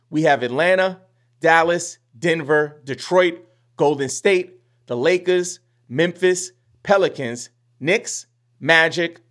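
A man's voice: fairly high pitch, fairly bright tone. A young man hosting a fantasy basketball podcast, chatty and slangy, acting out listeners' reactions in casual advice talk.

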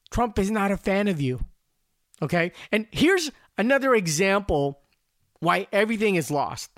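A man's voice: high voice, fairly bright tone, no room sound, clean studio sound. A man hosting a podcast, talking through commentary in a casual, rambling way, often repeating words as he starts. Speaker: podcast host.

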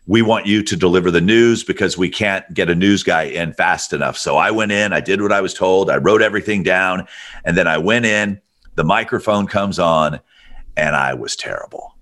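A middle-aged man from Alabama with a rich, deep voice, telling stories as an interview guest. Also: moderate pace. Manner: relaxed storyteller with a deep radio-style voice. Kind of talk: storytelling interview.

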